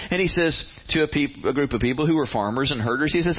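A man preaching a sermon on giving, animated and punchy, with sudden loud rises in his voice. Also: mid-range voice, quick pace, hardly any pauses, breathy edge, dull audio. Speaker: pastor.

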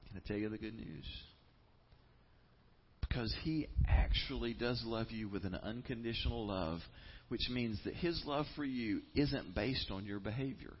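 A man preaching a sermon as a pastor, earnest and emphatic, with dramatic pauses. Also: lowish voice, breathy edge, muffled recording.

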